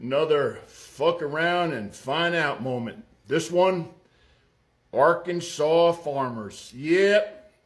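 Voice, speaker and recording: A man's voice: on the high side, lively intonation, takes it slowly. A man giving crude, sarcastic political commentary, mocking and profane. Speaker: online commentator.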